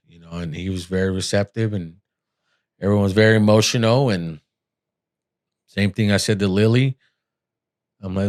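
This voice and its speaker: A middle-aged man speaks in a fairly low voice, telling his own story with raw candour. He is earnest and emotional, blunt when he talks about himself. It is a casual podcast conversation. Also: moderate pace, pauses often, darkish tone. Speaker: podcast host.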